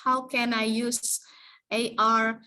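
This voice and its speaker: A woman, an elementary English teacher, presenting her plans in an online class in a hesitant, halting way. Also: a little high, little pitch movement, sharp tone, poor audio. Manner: hesitant, halting, many fillers. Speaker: elementary school English teacher, student in training course.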